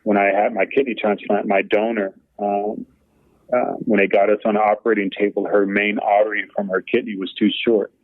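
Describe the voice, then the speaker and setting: Middle-aged man, interview guest: low, monotone, emotional storyteller; thin telephone-quality audio. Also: brisk, no echo. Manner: emotional and earnest, many fillers and restarts. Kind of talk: candid personal storytelling. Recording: dry, tinny phone-like sound.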